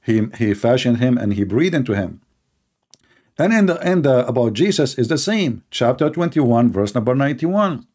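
A man's voice: medium pitch, very animated, moderate pace, a little mellow. Sarcastic man in emphatic commentary. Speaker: religious debater. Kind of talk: polemical commentary.

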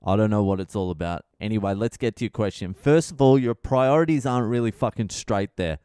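Brief: middle-aged Australian male comedian, rowdy foul-mouthed rant, smooth voice, close dry mic. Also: lowish voice, brisk, no echo. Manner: profane, rowdy, animated rant. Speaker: podcast host, comedian. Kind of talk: casual comedic monologue.

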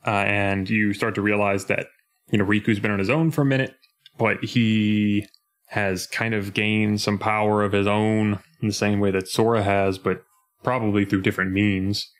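Young male podcast co-host, slightly low voice, lively, casual chat with quick mock voices. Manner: animated, breaks into mock voices when retelling scenes.

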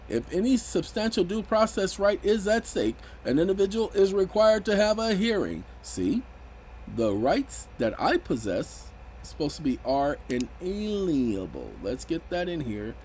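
A man's voice: high-pitched, very animated, measured pace, darkish tone, slight background noise, low-quality recording. Emphatic man explaining legal rights. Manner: emphatic, rises sharply when indignant. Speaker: legal commentator. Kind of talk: casual explanatory commentary.

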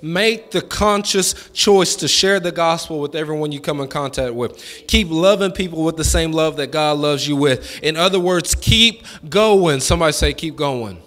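A man preaches a sermon with a high, ringing voice. His delivery is folksy and colloquial, with call-and-response lines that swell into fervent shouting. Soft music plays beneath him in a hall with a long echo. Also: normal speed. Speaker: pastor. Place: church sanctuary.

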